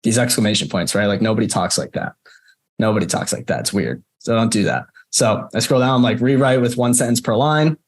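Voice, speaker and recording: A man's voice: on the low side, brisk. A man teaching a group over a video call in a casual, chatty way, often checking in with "right?" and speaking to students by name. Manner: conversational, frequent "right?" tags, addresses students by name. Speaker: course instructor. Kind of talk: casual screen-share walkthrough.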